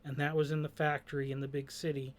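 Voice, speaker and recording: A man's voice: fairly high pitch, level tone, fast talker. A man reflecting on a song's lyrics in a thoughtful, hesitant way, with many fillers and restarts. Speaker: host discussing song lyrics. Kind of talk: reflective commentary.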